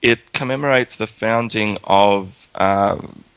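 A man's voice: fairly low pitch, slow, a bit bright, clean tone, dry recording. An Australian man co-hosting a podcast, chatting casually and rambling with restarts. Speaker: podcast co-host. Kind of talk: casual chat.

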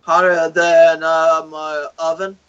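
A man co-hosting a podcast in an upbeat, joking manner. His voice sits fairly high for a man. The sound is dull and lo-fi. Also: flat delivery, slow pace, fairly bright tone, smooth. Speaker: podcast co-host. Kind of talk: casual podcast chat.

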